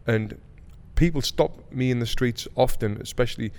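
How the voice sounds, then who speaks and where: A middle-aged man, co-hosting a podcast, telling a story in casual chat, animated and swearing, acting out the voices of the people he quotes. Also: mid-range voice, moderate pace, long reverb tail. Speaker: podcast co-host.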